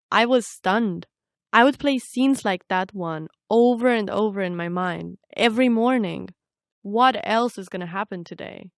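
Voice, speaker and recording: A woman's voice: medium pitch, dry recording. A young Romanian-born woman, a native Romanian speaker, reads scripted documentary narration about her own life. Her delivery is reflective and personal. The recording is close and completely dry, with no room sound. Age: young adult. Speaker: narrator and reporter.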